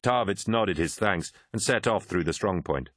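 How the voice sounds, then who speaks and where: A man narrates an audiobook in a very low, deep voice. His reading is measured and grave. The sound is dry and close to the mic, with no room around it. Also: expressive, a bit bright, dry recording. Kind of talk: scripted narration.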